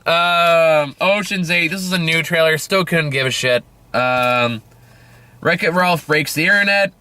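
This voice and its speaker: A man's voice: fairly high pitch, unhurried, bright, forceful tone, smooth. A young man giving a rambling, casual movie review, full of fillers, self-corrections and offhand swearing.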